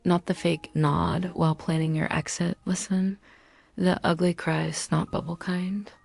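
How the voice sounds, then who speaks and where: A woman's voice: fairly low pitch, level tone, measured pace, vocal fry, a little mellow, faint music behind. A woman narrating a scripted dramatic story in punchy short sentences.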